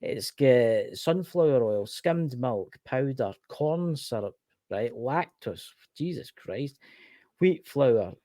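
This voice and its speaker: A man's voice: mid-range voice, lively intonation, slow, warm tone, no room sound. A Scottish man co-hosting a casual chat show, ranting animatedly and swearing freely. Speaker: podcast co-host.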